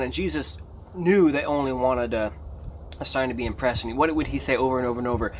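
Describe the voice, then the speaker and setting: A man preaching an unscripted sermon, emphatic and animated, rising to near shouts on key points. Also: medium pitch, fast talker, a little hiss or hum. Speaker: pastor.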